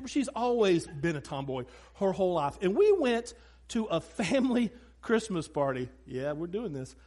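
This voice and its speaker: A middle-aged man, a pastor, preaching a sermon in a conversational, storytelling way, with asides to his listeners and acted-out quotes. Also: sits high.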